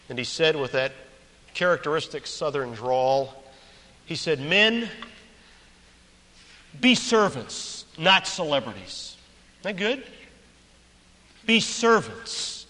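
A man's voice: medium pitch, a bit bright. A man preaching a sermon, emphatic and repeating key phrases, telling stories with quoted characters. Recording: long hall reverb.

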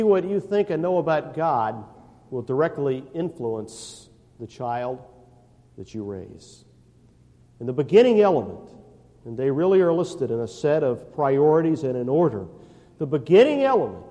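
A man preaching in a church sanctuary, his voice swinging widely from high emphatic peaks to low, quiet drops. The tone is mellow and dark, and a long hall reverb trails each phrase. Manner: emphatic preaching with dramatic pauses, reads scripture aloud. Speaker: pastor. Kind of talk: sermon.

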